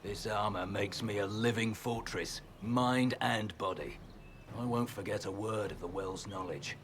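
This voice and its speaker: Samson, a scornful renegade general. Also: male voice, on the low side, a little slow, a bit bright, a little hiss or hum. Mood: taunting. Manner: taunting, scornful. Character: gruff, boastful male renegade general.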